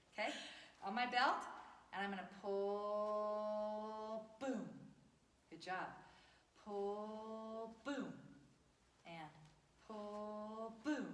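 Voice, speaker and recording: A woman teaching a children's taekwondo class, playful and upbeat, shouting out kiai counts. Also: on the high side. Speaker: taekwondo instructor. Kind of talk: kids' martial arts class instruction. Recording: echoey, distant camera audio.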